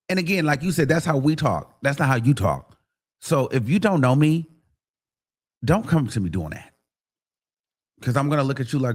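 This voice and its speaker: A man's voice: normal speed, long pauses. A man hosting a livestream, talking bluntly and animatedly to his viewers in casual commentary, sometimes mimicking others. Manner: blunt and animated, mimics people in higher voices. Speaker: livestream host.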